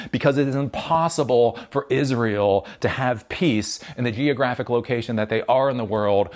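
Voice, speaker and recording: Heated man ranting, lively pitch. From United States. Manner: heated, profane, sarcastic ranting. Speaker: tech channel host giving commentary. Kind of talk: solo commentary rant to camera.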